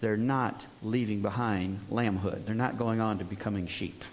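A man's voice: lowish voice, fairly even intonation, moderate pace, a little hiss or hum. A middle-aged man preaching a sermon in a plain conversational way, joking and sometimes mimicking others in exaggerated bursts. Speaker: pastor.

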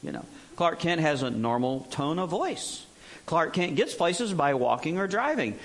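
A middle-aged man preaching in a relaxed, conversational way, his voice sitting a bit high. He cracks jokes and now and then bursts into exaggerated, mocking impressions of other preachers. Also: normal speed. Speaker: pastor. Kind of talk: sermon.

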